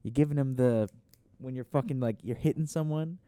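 A man co-hosting a casual podcast, with a mellow, soft-edged voice in a dry, close-miked sound. He rambles through lots of fillers and swears freely. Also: mid-range voice, a little fast, smooth, no echo. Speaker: podcast co-host.

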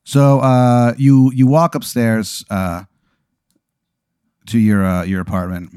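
A man's voice: mid-range voice, level tone, slow, mellow, clean tone, no room sound, studio quality. A man hosting a podcast, improvising a rambling comedic story with many fillers and restarts. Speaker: podcast host.

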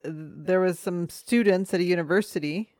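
A woman's voice: fairly low pitch, normal speed, darkish tone, dry recording, clean studio sound. A woman co-hosting a casual podcast, questioning and laughing easily. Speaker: podcast co-host.

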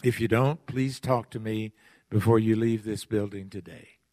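A man preaching a sermon in a church, earnest, asking the congregation pleading questions and pausing between phrases. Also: fairly low pitch, fairly even intonation, warm tone, no echo. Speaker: pastor. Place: church sanctuary.

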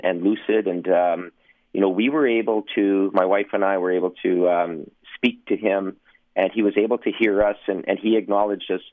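Over a tinny phone line, a former sportscaster with a fairly low voice rambles through anecdotes. There's no room sound, and he laughs through his stories and uses plenty of fillers.

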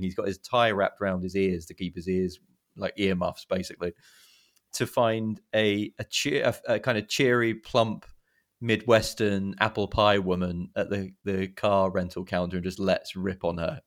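A man co-hosting a casual film podcast, telling scenes with animated retellings and quoting lines. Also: sits low. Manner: animated, quotes movie lines with gusto. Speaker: podcast co-host. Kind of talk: casual film review chat.

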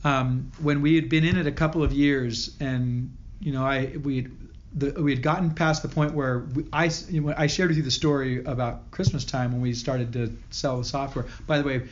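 A company founder appears as a guest on a storytelling interview podcast, recounting a personal story earnestly. His medium-pitched voice is steady in tone, and he often stops and restarts his sentences. The audio is dull and lo-fi.

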